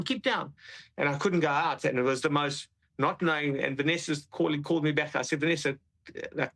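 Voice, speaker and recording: Guy telling what he saw, halting, repeats words, mid pitch. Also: bright, forceful tone, poor audio. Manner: halting, repeats himself, shaken. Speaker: witness describing an attack. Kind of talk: interview account.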